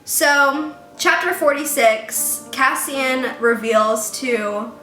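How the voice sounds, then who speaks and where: A fairly high-voiced woman rants her way through a book review in a chatty, worked-up way, leaning on "like" constantly. Her voice rings around an echoey room, and music plays clearly behind her. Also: drawn-out words, sharp tone, recorded from a distance. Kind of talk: casual ranting book review.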